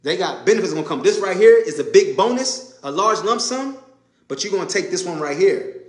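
Emphatic preacher man, high voice. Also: animated, a little fast, reverberant. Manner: emphatic, repetitive, conversational street preaching. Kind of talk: informal sermon to a live audience.

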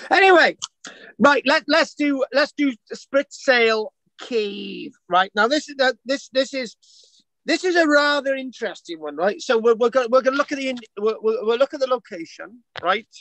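A man's voice: extremely high pitch, animated, moderate pace, fairly bright tone, dry recording, poor audio. Rambling, jokey man giving an online class. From Wales. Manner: rambling, self-interrupting, jokey. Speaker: archaeology tutor. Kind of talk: online lecture. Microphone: video call mic.

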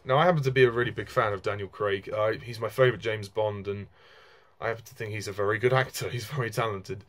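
A young man with a slightly low voice gives a casual spoken film review. He talks frankly and rambles, circling back with fillers and restarts as he goes. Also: fairly even intonation, fast talker.

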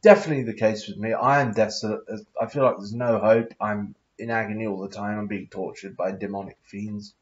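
A man's voice: fairly low pitch, steady tone, a little fast, few pauses. A man rambling through a solo monologue in a put-on posh accent, reading verses aloud, adding loose comments and humming to himself. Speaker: vlogger. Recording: dull lo-fi recording.

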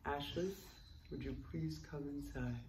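A quiet, deep-voiced old man speaks slowly and gently, coaxing someone to come inside, as a woman puts him on. His voice is low and hushed. It sounds roomy and distant. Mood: gentle. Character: soft-spoken old man running an intervention. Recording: roomy echo, distant mic.

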